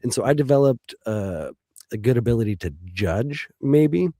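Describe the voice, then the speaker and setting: A man speaking as a guest in an interview, reflective and hesitant, with frequent pauses and restarts. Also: medium pitch, expressive, mellow, dry recording, clean studio sound. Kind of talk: casual interview talk.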